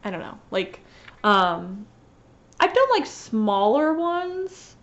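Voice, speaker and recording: In a casual cross-stitch vlog, a woman rambles through her finishes with a slight lisp, many fillers, and frequent restarts, sounding sniffly from sneezing. Her voice is on the high side, a bit bright and very animated, delivered at a slow pace over dull audio.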